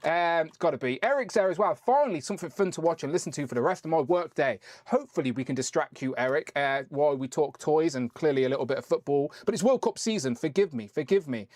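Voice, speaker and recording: A man's voice: on the high side, expressive, fast, hardly any pauses, darkish tone, dry recording, clean studio sound. A man hosting a casual live stream, chatting and rambling as he reads out viewer messages.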